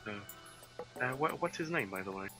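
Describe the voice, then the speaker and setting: A man's voice: mid-range voice, animated, fairly quick, sharp tone, slightly rough, faint music behind, rough recording. A man playing in a tabletop game, talking hesitantly with many fillers. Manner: hesitant, lots of fillers and restarts. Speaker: player.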